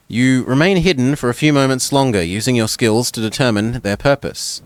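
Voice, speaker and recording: A man's voice: mid-range voice, a little fast, hardly any pauses, clear, resonant tone, no room sound. A man reading a gamebook aloud in second person, stumbling over words now and then and dropping casual asides. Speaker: gamebook reader.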